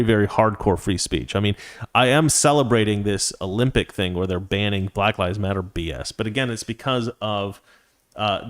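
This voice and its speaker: A man hosting a live stream, reading viewer comments and giving opinions in a rambling, casual way with many restarts. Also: fairly low pitch. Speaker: host.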